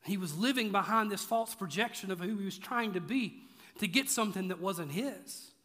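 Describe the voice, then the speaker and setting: A man preaching with a high, bright, sharp voice, shifting from playful asides to emphatic, repeated points. His voice rings out into a large church hall with long reverb. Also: normal speed. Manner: conversational, joking, emphatic repetition. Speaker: pastor. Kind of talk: sermon. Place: church auditorium.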